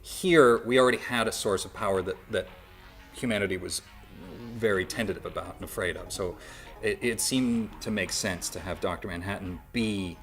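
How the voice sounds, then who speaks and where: A man's voice: on the low side, normal speed, a bit bright, faint music behind. A man answering interview questions casually, a little hesitant and repeating words, with dry humor. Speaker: voice actor guest.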